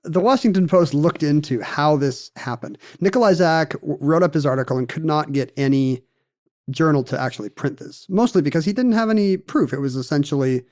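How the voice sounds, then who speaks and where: A man co-hosting a podcast, laying out a strange story in a wry, meandering way. His voice sits a little high for a man, and he keeps the tone conversational as he trails off into fillers. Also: expressive, fairly quick, a little mellow. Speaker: podcast co-host.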